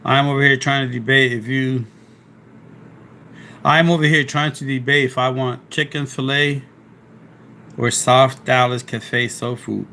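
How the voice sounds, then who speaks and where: A man's voice: mid-range voice, steady tone, unhurried, long pauses, sharp tone, slight background noise. A man with a Philadelphia accent, talking casually on a live stream and reading chat aloud. He rambles and restarts his sentences while fighting off a sore throat. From South Philadelphia, USA. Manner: chatty, rambling, restarts often.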